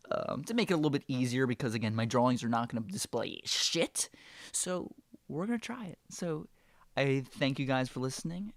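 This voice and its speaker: A man's voice: medium pitch, gravelly, no echo. A man casually telling a rambling work story, swearing freely and fighting off laughter. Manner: profane, rambling, chuckling.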